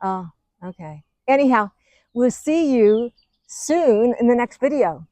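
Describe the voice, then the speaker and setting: A middle-aged woman hosting a gardening vlog, chatting excitedly as she walks through her outdoor garden. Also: a little high, slow, no echo. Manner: chatty, excitable, gushing over plants. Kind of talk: casual garden walk-through.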